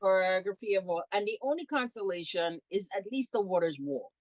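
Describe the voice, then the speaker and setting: Lively-voiced woman podcast co-host. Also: mid-range voice, no echo. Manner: short quick interjections and quips. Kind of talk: casual rewatch podcast chat.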